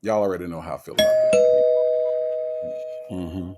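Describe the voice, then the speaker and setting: A man's voice: low voice, normal speed, over loud music. A man hosting a casual livestream, reading chat comments aloud in a playful, sassy, teasing way.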